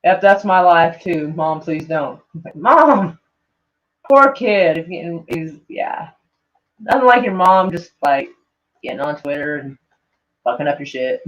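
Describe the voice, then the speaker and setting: A woman vlogger reads tweets aloud and reacts in a rambling, casual way, leaning heavily on "like" and swearing often. Her voice is low and animated, her pace unhurried, and the recording has a dull lo-fi sound.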